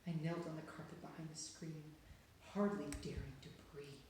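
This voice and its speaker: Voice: mid-range voice, steady tone, moderate pace, a little hiss or hum. Dramatic storybook reader in an echoey room. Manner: dramatic, hushed and then rising with suspense. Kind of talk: storybook read-aloud narration.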